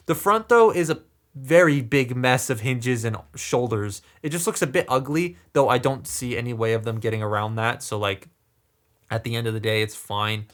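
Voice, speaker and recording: A man hosting a casual toy review, chatting his way through each step as he handles the figure. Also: medium pitch.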